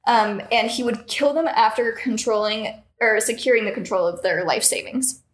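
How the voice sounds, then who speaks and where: A young woman with a fairly high voice chats casually as a podcast co-host. She swears freely and often laughs while telling stories. The recording comes from a small room. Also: normal speed, reverberant. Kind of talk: casual chat. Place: small hot room with lights and a computer.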